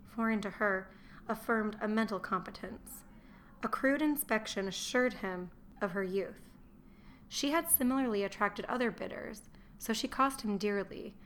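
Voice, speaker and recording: A woman reading a historical novel aloud, measured and dry. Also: mid-range voice, a little hiss or hum. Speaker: narrator. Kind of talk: audiobook narration.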